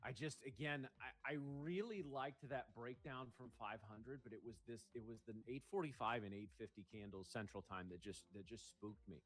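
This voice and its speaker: A man talks through live trading commentary in a measured, analytical way, thinking aloud as he goes. His voice sits at an everyday middle pitch for a man. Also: fairly bright tone. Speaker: day trader co-hosting a livestream.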